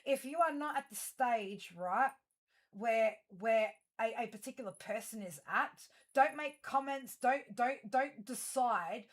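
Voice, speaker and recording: A woman's voice: a little high, a little slow. Blunt, rambling woman reading tarot. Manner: rambling with many fillers and restarts; blunt, emphatic, heavy swearing. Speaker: tarot reader. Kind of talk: astrology tarot reading addressed to viewers.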